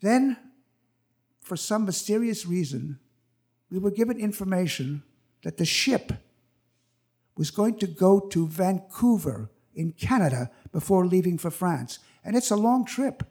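High-voiced old man telling a story. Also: animated, measured pace, darkish tone, husky. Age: 80s. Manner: vivid, acts out the people in his story. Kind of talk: live personal storytelling. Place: stage at a live community event.

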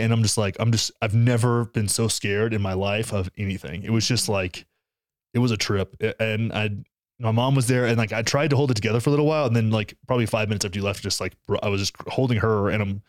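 A man's voice: lowish voice, fast, no room sound, clean studio sound. A young man and new father talking casually and emotionally, swearing as he tells a story. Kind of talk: casual conversation.

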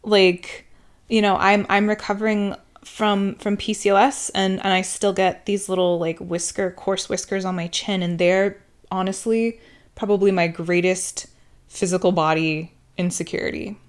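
A woman hosting a podcast, speaking in a heartfelt, open and emotional way about relationships. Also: fairly low pitch. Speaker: podcast host. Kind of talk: candid relationship podcast talk.

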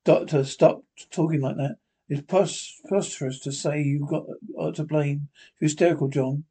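A man playing a calm, steady family doctor who soothes and reassures in a 1930s radio drama. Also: fairly high pitch, moderate pace, breathy edge. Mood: firm.

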